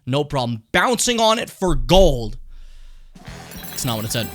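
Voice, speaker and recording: A young man casually commenting on his gameplay, rambling and swearing, with sudden high excited yelps. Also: a little slow, pauses often. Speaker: streamer. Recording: game music playing behind the voice.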